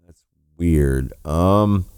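A man's voice: low-pitched, drawn-out words, a little mellow, clean tone, no room sound, clean studio sound. A man giving sarcastic, mocking political commentary, swearing freely as he rants. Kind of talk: ranting commentary.

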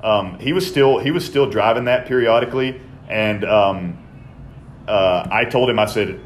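A man's voice: on the low side, normal speed, a little hiss or hum. Profane man telling stories. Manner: profane, animated storytelling. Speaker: podcast co-host. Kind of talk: casual chat.

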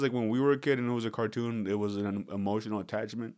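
A man's voice: lowish voice, fairly even intonation, fast talker, a little mellow, no room sound, studio quality. A young man hosting a podcast, rambling casually with jokes and swearing. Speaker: podcast host. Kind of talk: casual comedic podcast chat.

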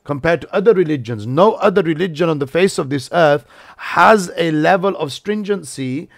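A man's voice: a little high, animated, moderate pace, creaky. A man hosting a casual religious discussion, explaining at length and mixing Urdu words into his English. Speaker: imam and host.

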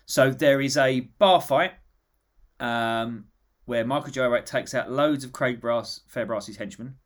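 Man, from England, podcast host, middle pitch, rambling jokey storyteller. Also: unhurried. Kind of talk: casual comedic chat.

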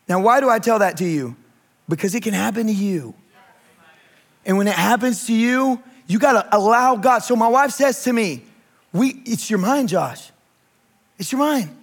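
A middle-aged male pastor preaching a sermon, animated and rising to shouts, telling a candid, self-deprecating personal story. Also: high-pitched.

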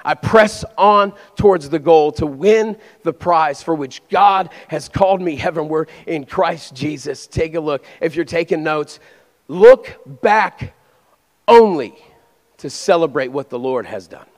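A man with a high voice preaches to his church, moving between fervent exhortation and casual, confiding asides. The long reverb of a large hall trails after his words. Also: measured pace. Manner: energetic preaching that swings between loud exhortation and quiet conversational asides. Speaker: pastor. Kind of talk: sermon.

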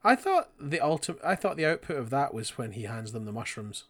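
A man chatting casually about an episode, easygoing, laughing often and chiming in with quick agreement. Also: medium pitch, sing-song.

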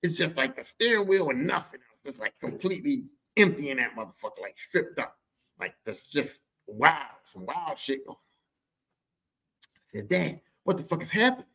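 A man telling a story about his father on his podcast in a casual, profane, animated way. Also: medium pitch, normal speed, slightly rough. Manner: animated, profane, jumps into quoted voices. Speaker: podcast host.

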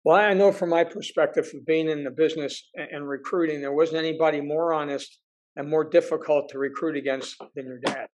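An older man with a somewhat high-pitched voice talks plainly in a casual chat. He is a former football recruiter who repeats his points for emphasis. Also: steady tone, brisk, a little mellow, poor audio.

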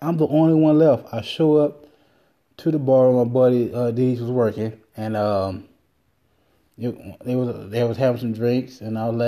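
A man's voice: medium pitch, moderate pace. Laid-back man ranting on a podcast. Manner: profane, rambling, animated storytelling. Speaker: podcast host. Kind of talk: casual solo podcast rant.

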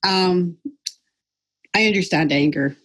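A woman's voice: lowish voice, slow, fairly bright tone, husky. A middle-aged woman sharing personal experiences on a group call, hesitant with frequent ums and self-deprecating.

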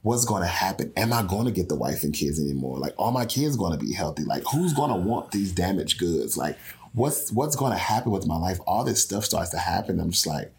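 A man's voice: sits low, sing-song, fairly quick, vocal fry, darkish tone. A young man from Houston, earnestly telling his personal story as an interview guest. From Houston, Texas. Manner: earnest, with frequent restarts and quoted dialogue.

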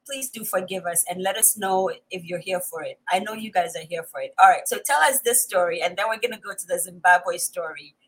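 A woman's voice: on the low side, brisk, hardly any pauses, fairly bright tone, husky, rough recording. A woman hosting a live-streamed interview on a video call, talking with enthusiasm. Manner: enthusiastic, exclamatory. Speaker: host.

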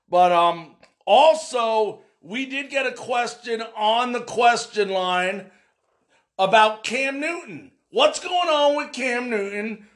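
Man, sports podcast host, very high voice, slow, loud and emphatic. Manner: loud, emphatic, often shouting, fillers.

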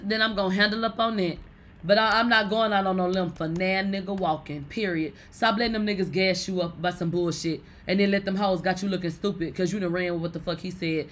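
A woman hosting a casual celebrity gossip show, blunt, profane and animated. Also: mid-range voice, fairly quick, slight background noise.

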